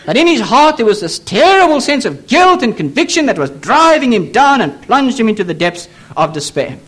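High-voiced man preaching emphatically. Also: very animated, normal speed, a bit bright, husky. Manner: emphatic, repetitive preaching with pleading appeals. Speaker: pastor. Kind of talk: sermon. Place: church.

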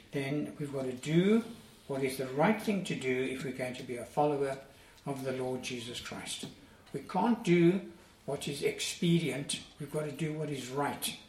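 A man's voice: medium pitch, slight background noise. A man preaching a sermon in an earnest, emphatic way, repeating key phrases for weight. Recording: echoey room, distant mic, faint ambience.

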